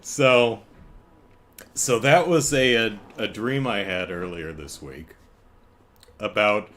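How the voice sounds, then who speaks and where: Male podcast host, unhurried and wry, with a lively rise and fall, talking from home. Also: on the low side. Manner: chuckling, wry storytelling with frequent restarts. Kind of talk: casual solo podcast chat. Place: home, apartment.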